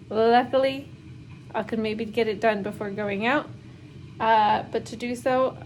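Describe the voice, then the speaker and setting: A woman's voice: fairly high pitch, a little hiss or hum, rough recording. A woman in her thirties, a homeschooling mother, rambling casually with many fillers and nervous laughs while doing laundry at home. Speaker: homeschooling mom vlogger. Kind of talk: casual vlog chat.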